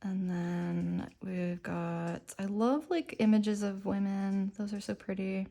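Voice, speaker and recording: A woman chatting excitedly in a casual vlog about nail art, filling her talk with "like" and "um.". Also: mid-range voice, takes it slowly, gravelly. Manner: bubbly, enthusiastic, lots of "like" and "um".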